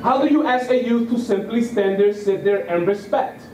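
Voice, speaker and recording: A fairly high-pitched man from Puerto Rico speaks to a room in a loose, storytelling way, tossing "right?" to his listeners. The sound is roomy and echoey, with a faint hiss underneath. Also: animated, moderate pace, dark tone, recorded from a distance. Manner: conversational storyteller, keeps asking "right?". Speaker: guest speaker. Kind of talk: public talk. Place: lecture room.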